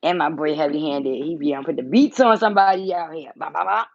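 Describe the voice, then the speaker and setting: A woman's voice: low voice, brisk, gravelly, no echo, highs cut off. Blunt woman chatting on a home livestream. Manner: blunt, teasing, swears freely. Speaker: tarot reader and channel host. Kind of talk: casual livestream chat.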